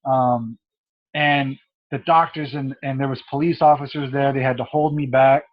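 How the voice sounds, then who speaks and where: Emotional man with halting speech. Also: mid-range voice, fairly even intonation. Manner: halting, with many restarts and fillers, voice cracking with emotion. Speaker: guest telling his story. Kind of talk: emotional personal testimony. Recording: dull lo-fi audio.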